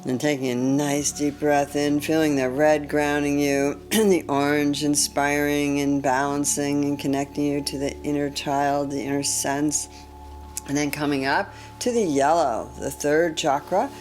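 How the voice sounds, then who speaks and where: Slow, calm woman guiding a meditation. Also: deep voice, soft background music. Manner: calm, gentle guidance with frequent throat clearing. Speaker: meditation teacher. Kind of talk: guided chakra meditation.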